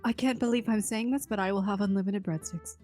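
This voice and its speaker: A woman's voice: mid-range voice, steady tone, fast, mellow, soft background music, voice pushed down, close to an everyday voice. A woman voicing an earnest young apprentice who speaks with light self-mockery.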